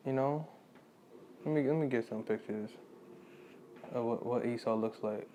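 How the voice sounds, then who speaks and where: A man reading scripture aloud quietly and breaking off into casual spoken commentary, full of "you know". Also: measured pace, slight background noise. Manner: quiet, low reading of scripture, louder and livelier in his asides; leans on "you know" constantly.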